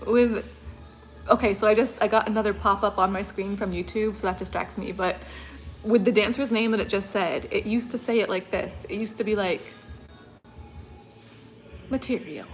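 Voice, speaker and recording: A woman's voice: medium pitch, steady tone, moderate pace, soft background music, rough recording. A woman vlogger chatting casually on a livestream, rambling and laughing often. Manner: mimics an announcer's voice.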